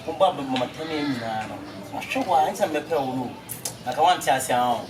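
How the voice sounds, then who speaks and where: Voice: mid-range voice, animated, a little fast, background noise. A speaker answering defensively in a comedy skit. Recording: distant mic with crowd behind.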